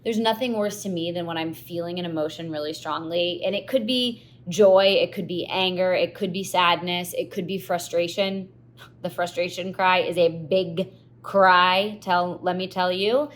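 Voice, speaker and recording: A young woman hosts a podcast in a candid, confessional monologue. Her voice sits a bit low for a woman. She tells stories expressively and with animation. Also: fairly even intonation, normal speed. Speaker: podcast host.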